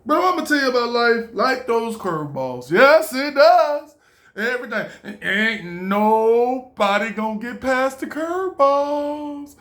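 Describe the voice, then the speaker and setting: A man giving an animated, preachy motivational monologue, laughing often and swearing freely. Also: very high voice, measured pace. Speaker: vlogger.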